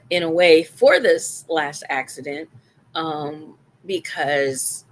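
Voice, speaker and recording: A woman's voice: low-pitched, a bit bright, a little hiss or hum. A middle-aged woman hosting a live-stream talk show, chatting casually and repeating phrases for emphasis.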